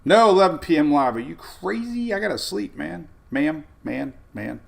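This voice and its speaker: A man hosts a live weather stream, chatting loosely, reading viewer comments and rambling with lots of laughter. His voice sits fairly high and sounds creaky yet expressive, moving at a moderate pace.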